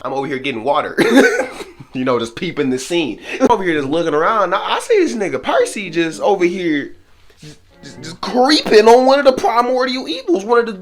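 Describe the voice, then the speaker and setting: Young male storyteller, comic, pitched slightly high and very animated, laughs constantly, faint music bed. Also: a little fast. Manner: animated, laughing often, dramatic narrator asides. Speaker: storytelling vlogger. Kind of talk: comedic storytime monologue.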